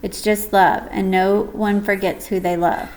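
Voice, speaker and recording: A woman voicing a tired, tender mother who speaks softly and soothingly to her son. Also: mid-range voice, little pitch movement, measured pace, slight background noise, natural voice, rough recording. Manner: soft and soothing.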